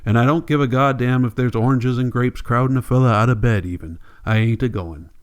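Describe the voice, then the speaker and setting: A man's voice: mid-range voice, brisk, clean tone, lightly acted. A man reading a stubborn cranky old grandpa. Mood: defiant.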